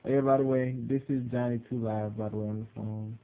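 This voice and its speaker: Tinny-sounding young man ranting loudly. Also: fairly even intonation, a little fast, a little hiss or hum. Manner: loud, mocking, jumps high when worked up. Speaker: vlogger. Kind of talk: casual profane rant.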